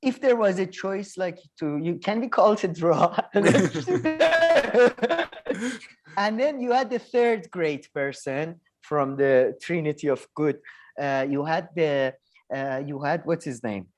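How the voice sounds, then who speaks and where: Rambling, animated male podcast co-host. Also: a little high, slow. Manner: rambling, animated storytelling with laughter. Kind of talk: casual chat.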